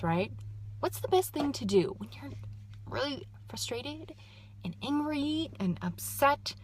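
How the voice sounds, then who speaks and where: A middle-aged woman talks straight to camera with easy, upbeat advice. Her voice sits at an ordinary middle pitch, and she keeps it conversational, with frequent asides and little check-in questions to the viewer. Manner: upbeat, chatty, with frequent asides and "right?" tags. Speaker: vlogger giving life tips. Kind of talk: casual direct-to-camera advice.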